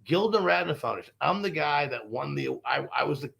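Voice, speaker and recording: Brief: male comic, rapid-fire, gravelly, swears freely while spinning long stories. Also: fairly high pitch. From Boston. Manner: profane, animated, rambling anecdotes. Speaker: stand-up comedian guest. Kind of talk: casual storytelling interview.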